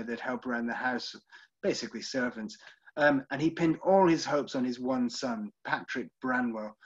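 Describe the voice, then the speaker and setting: Male tour guide, casual and wry, mid-pitched, muffled recording. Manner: chatty, wry asides, many ums. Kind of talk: casual online tour talk. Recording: slightly dull lo-fi recording.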